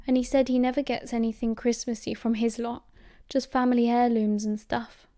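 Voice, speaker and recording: A British woman voicing an easygoing teenage boy who talks in a relaxed, reassuring way. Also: a little high, moderate pace, no room sound, clean studio sound, natural voice. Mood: casual.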